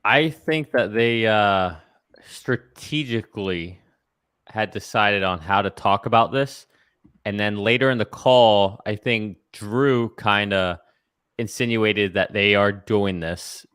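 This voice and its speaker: Low-voiced man hosting a casual chat. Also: takes it slowly, fairly bright tone, clear, resonant tone, no echo, clean studio sound. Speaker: host.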